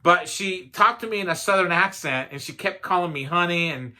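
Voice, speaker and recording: A man's voice: high-pitched, a little fast, sharp tone. A man giving a motivational talk, telling a personal story in a conversational way with self-deprecating humor and frequent fillers. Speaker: motivational speaker.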